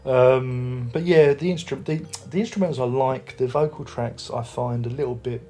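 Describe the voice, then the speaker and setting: A man's voice: mid-range voice, fairly even intonation, moderate pace, dark tone. A man reviewing an album at home, chatting casually with lots of restarts. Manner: rambling, chatty, many restarts. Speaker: music review vlogger. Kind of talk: casual chat. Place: home room with record player and speakers.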